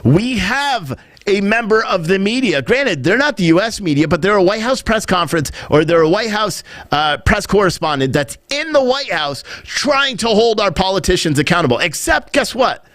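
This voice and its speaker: Male podcast host, rambling and opinionated, pitched a bit high, with a dry close-mic sound. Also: normal speed, hardly any pauses, no room sound. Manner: animated, rambling, mimics others in quotes. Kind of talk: opinionated commentary.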